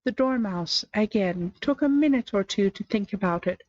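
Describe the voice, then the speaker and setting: A woman narrating a storybook in a live reading, with an expressive, measured delivery. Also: medium pitch, no room sound. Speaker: storybook reader. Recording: dry, slightly muffled lo-fi sound.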